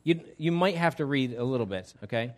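A man as pastor giving an interactive sermon, energetic and chatty with frequent restarts. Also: mid-range voice, brisk.

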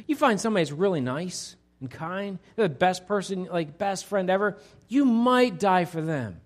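A pastor preaching a conversational sermon to his congregation, swinging between loud emphasis and quiet, hushed lines. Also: high voice, expressive, moderate pace, few pauses. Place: church sanctuary.

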